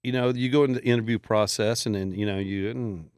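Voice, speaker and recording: A man's voice: lowish voice, steady tone, fast, clear, resonant tone, no echo, clean studio sound. A middle-aged man, a podcast guest telling long rambling stories in casual chat and acting out the voices of people he quotes. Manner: rambling storyteller who acts out quoted voices.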